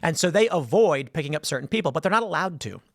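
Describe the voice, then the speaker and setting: A man's voice: fairly high pitch, lively intonation, fast, no room sound, studio quality. A man hosting solo political commentary in a conversational storytelling way, acting out quoted people as he goes.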